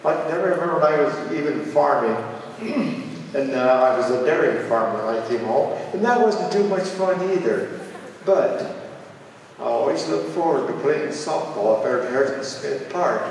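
A man in his seventies from Ohio, telling folksy stories at a charity fundraiser in a halting, rambling way with many filler sounds. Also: on the high side, animated, creaky, darkish tone, a little hiss or hum. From Ohio, USA. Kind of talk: folksy personal storytelling. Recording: echoey hall, distant mic.

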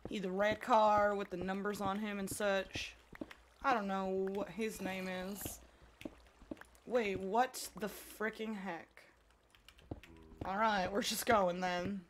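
A folksy, drawling country hick with a put-on Southern accent, as a woman voices him. He talks in homespun rural phrases at a mid pitch. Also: flat delivery, takes it slowly, pauses often, slight background noise, natural voice. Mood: grumbly. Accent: put-on American Southern drawl.

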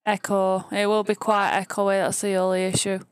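A woman with a Northern English accent chatting casually and excitedly as co-host of a live stream. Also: mid-range voice, moderate pace, clear, resonant tone, no room sound. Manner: chatty and talkative, easily excited.

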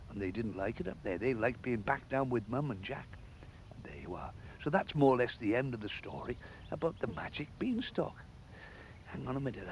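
An older man presenting and telling fairy tales to children in a lively, playful way, chatting directly to the viewer. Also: mid-range voice, slight background noise, low-quality recording. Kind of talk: animated storytelling for children.

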